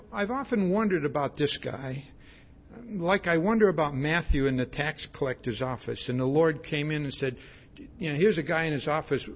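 Male pastor, husky and fairly high voice, chatty sermon, lo-fi recording. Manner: repeats words, asks "See?" often, acts out quotes. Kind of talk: conversational sermon. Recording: dull lo-fi sound.

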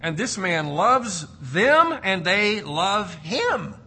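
Bright, high-voiced male preacher. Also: sing-song, extremely slow, breathy edge. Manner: emphatic, repeats key words. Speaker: pastor. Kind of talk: expository sermon.

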